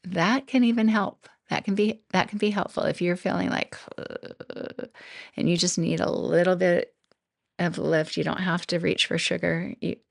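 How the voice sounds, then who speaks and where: Middle-aged female podcast host, casual and chatty, gravelly tone, dry close sound. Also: on the low side, fairly even intonation, normal speed, no room sound. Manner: chatty, laughs often, thinks out loud. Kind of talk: casual solo podcast talk.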